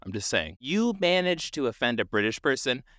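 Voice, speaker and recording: Man, podcast co-host, bright lively voice, teasing and joking. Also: medium pitch, brisk, no room sound, clean studio sound. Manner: joking, teasing, laughs a lot. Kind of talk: casual chat.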